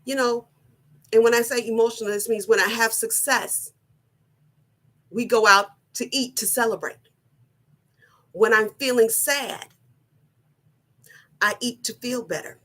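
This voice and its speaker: A middle-aged woman giving a personal motivational talk, slow, earnest and deliberate, often repeating her phrasing. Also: on the high side, fairly even intonation, a bit bright. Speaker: wellness vlogger.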